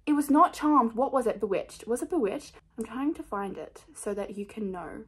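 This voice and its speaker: Rambling young woman, slightly high voice. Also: animated, moderate pace, slightly rough. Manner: rambling, scattered, self-mocking, many fillers. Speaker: book vlogger. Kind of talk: casual chat.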